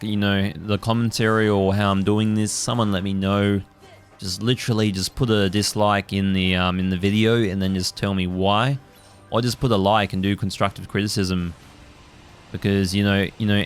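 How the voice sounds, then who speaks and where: A man's voice: on the low side, clean tone. A man hosting a gaming channel, giving casual let's play commentary, rambling with many fillers and the odd swear.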